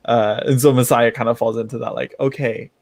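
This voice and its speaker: A man's voice: medium pitch, level tone, fairly quick, vocal fry, darkish tone, dry recording. A man hosting a casual livestream, chatting with his viewers in a rambling way, laughing often and restarting his sentences. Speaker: tarot channel host reading live chat.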